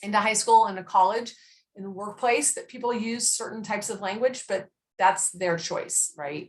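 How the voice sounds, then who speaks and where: A woman's voice: medium pitch, normal speed, soft background music. A middle-aged woman in casual conversation, telling stories about raising her children and acting out the lines of the people in them. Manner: animated storyteller who acts out quotes. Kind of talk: casual chat.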